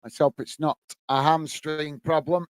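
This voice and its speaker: A man's voice: a little high, steady tone, measured pace, smooth, no room sound. A man from England hosting a live football watchalong, casually commentating the play and chatting to viewers. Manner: casual, chatty, calls viewers mate and guys. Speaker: watchalong host.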